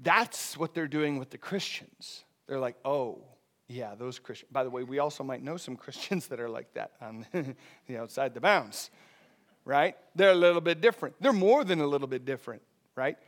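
A man's voice: medium pitch, moderate pace. A man, a pastor, preaching a conversational sermon and often checking in with the congregation. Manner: conversational, animated, often asking "right?".

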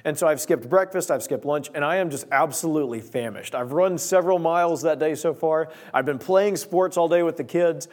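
A young man preaching, opening his sermon with a lively personal story and acting out his own lines. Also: on the high side, fairly quick, hardly any pauses. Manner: storytelling, animated quoting of himself.

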